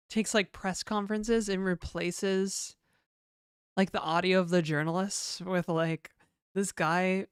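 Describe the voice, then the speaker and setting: In this casual livestream, a woman works on her game while talking freely with her audience: chatty, rambling, responsive to chat, and casually profane. She has a lowish, clear voice with a resonant tone, recorded dry with clean studio sound.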